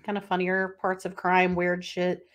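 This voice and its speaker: A woman's voice: on the low side, completely flat delivery, unhurried. A middle-aged woman co-hosting a podcast, talking casually and walking through a missing-person case in a rambling, chatty way. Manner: chatty, rambling with fillers and restarts, laughs easily. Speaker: podcast co-host.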